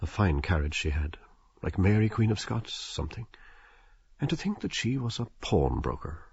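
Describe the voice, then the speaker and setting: A man narrating a novel as an audiobook, expressive and slipping into the characters' inner voices. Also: low-pitched, moderate pace, gravelly, slightly rough, no echo, highs cut off.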